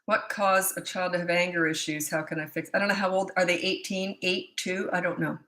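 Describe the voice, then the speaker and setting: A woman's voice: lowish voice, steady tone, brisk, fairly bright tone, echoey room. A woman in her sixties from Canada, a parenting coach answering viewer questions in a blunt, firm, opinionated way with rambling asides. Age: 60s.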